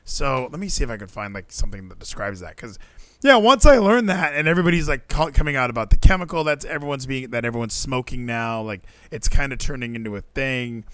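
This man hosts a podcast in a dry recording, his medium-pitched voice moving quickly. His casual banter is rambling, lively, and full of jokes.

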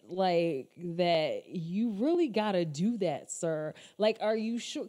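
A woman venting on her vlog at a mid pitch, talking straight to viewers she calls y'all. She rambles from point to point with heavy swearing and plain exasperation. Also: darkish tone. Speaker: commentator. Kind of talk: casual opinion vlog rant.

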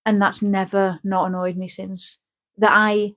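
Woman, podcast co-host, rambling, jokey, mid pitch. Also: flat delivery, a little slow, fairly bright tone. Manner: rambling, jokey, acts out scenes. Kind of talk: casual chat.

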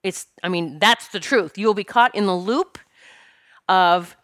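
A spiritual teacher and medium tells a personal story, earnest and emotional, often stopping and restarting her sentences. Her voice is mid-range and fairly bright with a measured pace, recorded at studio quality with no room sound.

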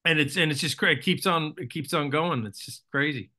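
A man's voice: fairly high pitch, fairly quick, pushed and bright. A man, an actor guest in a casual interview, rambling through stories with self-deprecating jokes.

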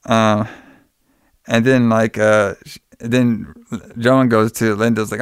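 A man's voice: lowish voice, little pitch movement, slow pace, long pauses, clear, resonant tone, no echo, clean studio sound. A man hosting a podcast, recapping a film in casual chat, rambling and swearing, laughing often and acting out the characters' lines.

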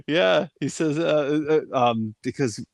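A man chatting casually as a podcast co-host about a TV show, eager and quick to agree. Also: fairly high pitch, gravelly, dry recording, clean studio sound. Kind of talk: casual TV recap chat.

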